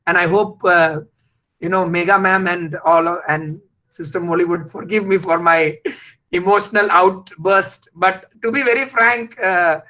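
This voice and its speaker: A man giving an emotional, rhetorical motivational talk full of halting restarts. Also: sits high, fairly even intonation, bright, forceful tone, rough recording. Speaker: invited speaker.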